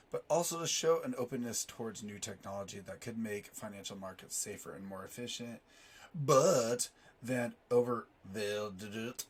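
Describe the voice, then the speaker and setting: Male finance vlogger, hoarse and raspy, lowish voice, loose chatty read with self-deprecating tangents. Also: slight background noise. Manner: rambling, self-deprecating asides. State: hoarse, sore throat. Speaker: finance YouTuber. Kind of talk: casual commentary reading news articles.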